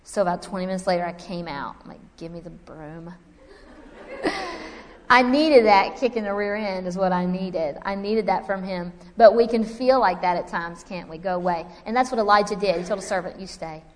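A woman preaching to a women's gathering, telling a personal story with lively acted-out dialogue and self-mocking humor, then reading scripture. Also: medium pitch, normal speed, long reverb tail.

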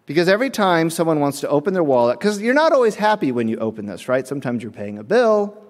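A man preaching a sermon, telling lively stories with acted-out voices and frequent chuckles, in a church. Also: fairly high pitch, fast. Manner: animated storytelling, acts out voices, chuckles often. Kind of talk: sermon with humorous anecdotes. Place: church sanctuary. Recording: long reverb of a church sanctuary.

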